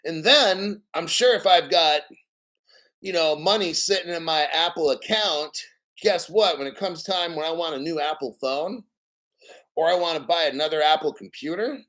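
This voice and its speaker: A man's voice: a little high, normal speed, fairly bright tone. A man giving casual live commentary on the news, blunt and profane, a little out of breath. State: slightly out of breath.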